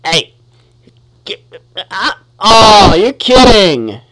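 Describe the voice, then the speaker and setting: Man, fairly high voice, unhurried gameplay commentary, chats at enemies, easily irritated. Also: fairly bright tone, clear, resonant tone. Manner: talks to the enemies on screen, easily annoyed, exclaims. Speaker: let's-play gamer.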